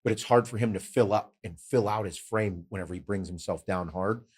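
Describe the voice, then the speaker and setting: A middle-aged man hosting a podcast in casual, animated chat, swearing freely and telling stories. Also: lowish voice, a little fast, husky. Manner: animated, swearing, storytelling with quoted voices. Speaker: podcast host.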